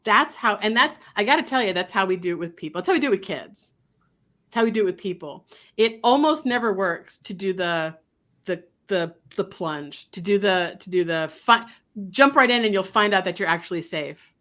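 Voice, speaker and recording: A woman's voice: mid-range voice, expressive, moderate pace, a bit bright. A woman speaking as a guest dog trainer in a casual interview, talking animatedly and acting out quoted voices.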